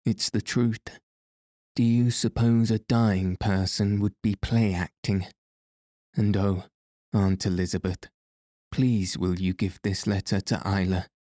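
A man's voice: lowish voice, little pitch movement, slow, dark tone, no room sound, clean studio sound. A man reading the lines of a solemn, dramatic little girl in a storybook, in an earnest voice.

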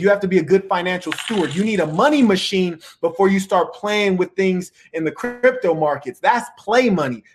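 A man hosting a channel, reading viewer messages and giving preachy, motivational advice, calling his listeners saints. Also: fairly high pitch. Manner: preachy, calls listeners saints, "you dig?". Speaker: channel host answering viewer questions.

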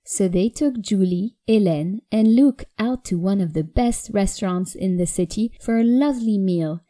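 A woman narrating a story aloud in an even, measured reading style. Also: medium pitch. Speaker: audiobook narrator.

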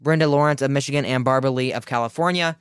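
A man rails through a political commentary on his own radio show, emphatic and indignant, often restarting a phrase. His voice is smooth and resonant, recorded dry and close with no room sound. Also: mid-range voice, rapid-fire, dry recording.

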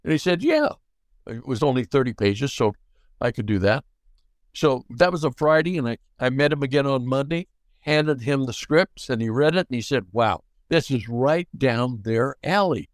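Older man spinning animated stories. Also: medium pitch, moderate pace, dry recording. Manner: animated, acts out dialogue in quotes. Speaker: guest actor. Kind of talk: anecdotal storytelling.

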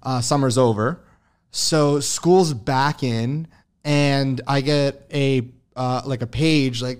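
A man's voice: medium pitch, fairly even intonation, takes it slowly, clean tone. A young man as an interview guest, telling his story loosely and profanely with many fillers and frequent chuckles.

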